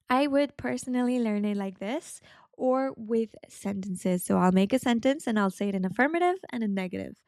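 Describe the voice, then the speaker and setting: A woman teaching beginner Spanish, saying each phrase slowly and carefully and repeating it as a drill. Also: medium pitch, darkish tone, no room sound, studio quality. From Spain. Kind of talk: beginner language lesson.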